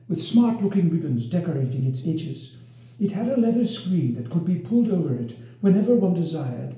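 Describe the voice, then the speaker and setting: Brief: expressive male narrator, very animated, roomy echoing room. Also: sits high. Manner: expressive, lively storytelling. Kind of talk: storybook reading of a medieval romance. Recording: roomy echo.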